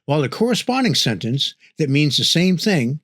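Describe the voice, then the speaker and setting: A man from northern New England reads scripted audiobook narration in a measured, clear way. His voice is slightly higher than most men's. The recording is dry, with no room sound. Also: sing-song, fairly bright tone, dry recording.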